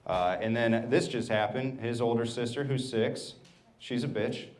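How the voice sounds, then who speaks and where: A man's voice: mid-range voice, fairly even intonation, reverberant. Thirty-something man doing stand-up. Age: 30s. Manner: storytelling, acts out family members in quick bits. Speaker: stand-up comedian. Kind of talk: stand-up set. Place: comedy club stage. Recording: live club audience laughter. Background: laughing audience.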